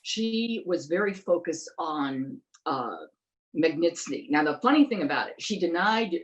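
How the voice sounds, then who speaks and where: A woman's voice: low-pitched, expressive, measured pace, lo-fi sound. A middle-aged woman on a political discussion show who talks in an emphatic way, stumbling over words now and then. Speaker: interviewer, investigative journalist.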